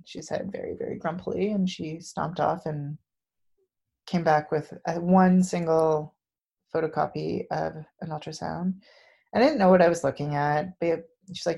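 Low gravelly woman in her thirties telling her own story, emotional and halting. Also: a little mellow. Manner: candid and emotional, halting with fillers. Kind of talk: personal storytelling.

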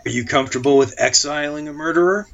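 A man's voice: on the high side, fast, vocal fry, a bit bright, muffled recording. A man playing a tabletop game, asking questions in a playful, mock-formal way. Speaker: player. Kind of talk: casual game chat.

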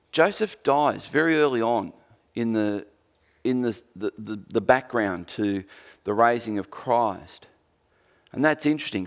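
A man preaching a sermon in church, conversational and jokey, often restarting his sentences. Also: lowish voice. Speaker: pastor.

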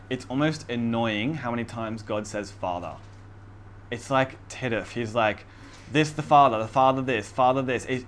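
A man preaching a casual sermon, who reads scripture aloud with emphasis and laughs often, over faint room noise. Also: medium pitch. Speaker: pastor.

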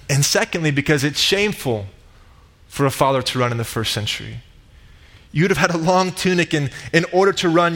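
A man delivering a sermon, retelling a parable with dramatic build-ups and loud quoted cries. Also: on the high side. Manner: dramatic retelling, rising to shouts in quoted lines. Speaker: pastor. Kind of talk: sermon storytelling. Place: church sanctuary.

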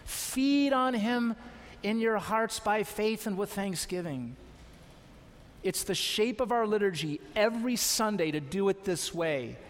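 A man's voice: sits high, in a large hall. A man preaching a sermon as pastor, exhorting his congregation with repeated calls to trust and obey. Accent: American. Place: church sanctuary.

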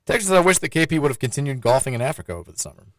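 A man talking sports on the radio at a rapid clip, dry and sarcastic in his jokes. His voice sits close to the mic in a dead studio with no room sound. His pitch is average for a man. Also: lively intonation, no echo. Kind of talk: casual sports talk.

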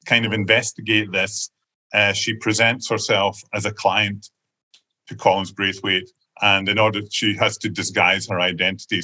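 A man's voice: on the low side, bright, forceful tone. A Scottish man, an author, talking about his book over a video call in a chatty, hesitant way with frequent restarts. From Scotland. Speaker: author guest. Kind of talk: conversational book talk.

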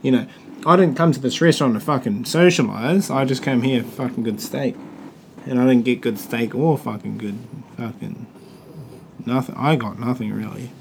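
A man's voice: medium pitch, moderate pace, vocal fry, slight background noise. A man with a New Zealand accent, hosting a casual podcast chat, crude and joking, swearing freely. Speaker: podcast host.

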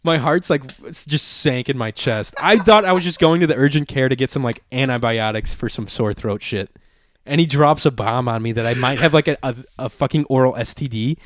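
A young man telling a personal story in casual chat, animated and profane, full of "like". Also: mid-range voice, fairly quick, no room sound, studio quality. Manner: animated, profane, heavy use of "like".

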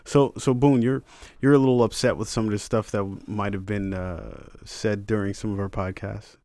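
Man, podcast host, casual chat, excitable, swears, low voice, dry sound. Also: no echo. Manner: excitable, swears, quick to laugh.

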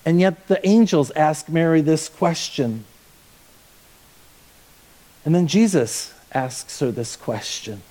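A man with a fairly high voice delivers a sermon, reading scripture aloud and then unpacking it. His preaching is conversational and light-humored, and he slows down to lean on key phrases. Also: mellow. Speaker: pastor.

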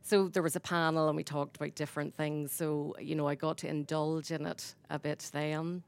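A woman's voice: low voice, little pitch movement, moderate pace, dry recording. A middle-aged woman from Northern Ireland with a Northern Irish accent, chatting on stage about her radio career in a self-deprecating storytelling way. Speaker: radio host being interviewed. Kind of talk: live on-stage interview. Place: stage at an awards event.

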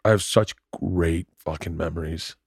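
A man's voice: sits low, fairly even intonation, unhurried, gravelly, husky, dry recording, clean studio sound. A man hosting a casual podcast, talking in an earnest, rambling way and repeating himself. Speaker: podcast host and touring comedian.

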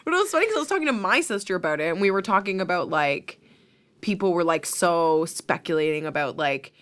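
A woman's voice: lowish voice, fast talker, clear, resonant tone. A woman hosting a podcast, chatting casually and telling stories with lots of laughter and acted-out quotes. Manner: animated, laughing storyteller who acts out quotes. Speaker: podcast host. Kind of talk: casual chat.

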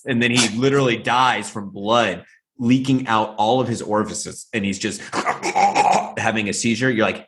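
Fairly low in pitch and fairly bright, this male co-host keeps a mostly even intonation and a normal speed. He discusses films casually on a podcast, rambling with frequent fillers and impersonating movie characters in changing voices.

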